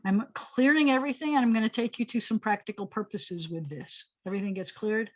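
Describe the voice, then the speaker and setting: Woman rabbi at mid pitch, teaching Hebrew over a muffled video call, chatty and self-correcting as she writes. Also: fairly quick. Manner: thinks aloud while writing, self-correcting, chatty asides. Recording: slightly dull video call audio.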